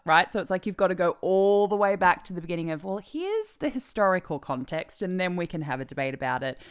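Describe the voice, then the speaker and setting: A woman hosts a podcast interview, asking thoughtful, open questions. Her voice is low yet swings widely in pitch. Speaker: podcast host.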